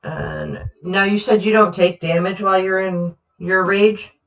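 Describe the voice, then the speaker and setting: A woman running a tabletop game as game master, relaxed and hesitant with many fillers. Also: mid-range voice, unhurried, creaky, roomy sound, highs cut off.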